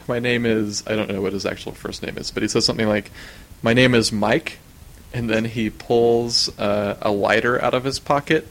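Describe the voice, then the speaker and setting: A man co-hosting a podcast, telling stories in an easygoing way with fillers. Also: on the low side. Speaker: podcast co-host. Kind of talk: casual chat.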